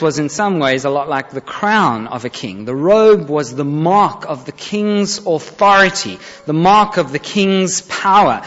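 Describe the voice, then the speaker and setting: A man delivers a sermon, telling the story with animated, swooping intonation and a fairly high voice. He brings quoted lines to life as he goes. The sound carries a long church-hall reverb and a dull, lo-fi tone. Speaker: preacher. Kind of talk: sermon retelling a Bible story.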